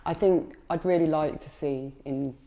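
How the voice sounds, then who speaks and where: Low, mellow Lincolnshire woman. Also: normal speed. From Lincolnshire, England. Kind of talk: casual chat.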